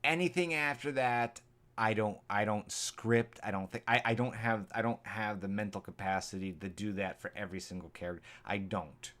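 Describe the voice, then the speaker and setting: A man's voice: on the low side, normal speed, fairly bright tone. A man vlogger reacting live to his old videos, rambling and earnest as he thinks aloud.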